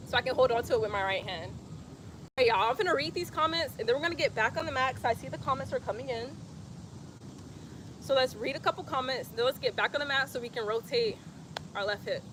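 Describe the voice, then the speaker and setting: A woman's voice: a little high, fairly bright tone, a little hiss or hum. A woman, leading a live-streamed yoga class outdoors and reading comments in a playful, chatty way. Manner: playful, chatty, laughs often, breathy cues. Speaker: yoga instructor.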